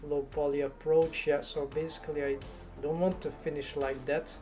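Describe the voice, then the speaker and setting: A man's voice: fairly high pitch, flat delivery, moderate pace, a little mellow, faint music behind. A man streaming his 3D modeling work, thinking aloud in hesitant, half-finished remarks.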